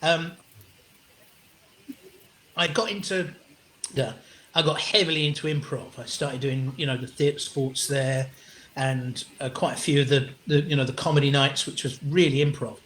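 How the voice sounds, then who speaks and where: A middle-aged English man, a comedian guest, telling anecdotes in an animated, casual way with frequent restarts and the odd swear word. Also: medium pitch, normal speed, pauses often, a little hiss or hum. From England. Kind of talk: anecdotal storytelling in an interview. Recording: roomy echo.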